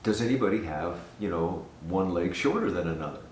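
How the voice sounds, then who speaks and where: Older man, low voice, earnest testimony storyteller, recorded roomy and off-mic. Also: brisk, slight background noise. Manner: earnest, animated storyteller who repeats himself. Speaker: guest giving a testimony. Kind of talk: casual spoken testimony. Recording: roomy sound from a distance.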